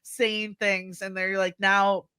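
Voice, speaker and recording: A woman's voice: medium pitch, little pitch movement, takes it slowly, pushed and bright, clean tone. A woman telling industry stories in a casual podcast chat, with many fillers and restarts. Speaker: guest co-host.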